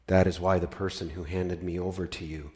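A man reading aloud voices Jesus as a calm, grave male prisoner, speaking quietly and steadily. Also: natural voice. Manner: quiet, low and measured.

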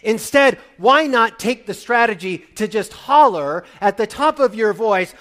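Male pastor, slow delivery, fairly high voice, dramatic swings from loud to hushed, wry humor. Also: animated. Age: adult parent. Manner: wry, playful storytelling. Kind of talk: sermon.

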